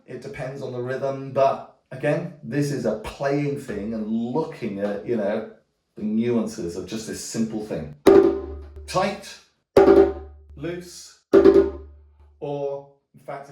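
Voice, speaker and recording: Man, drum teacher, relaxed explanations, slow delivery, roomy distant sound, drumming in between. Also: mid-range voice, over loud music. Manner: relaxed, explanatory, checks in with "okay?". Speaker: djembe teacher. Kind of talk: demonstrating drum technique. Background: djembe drumming.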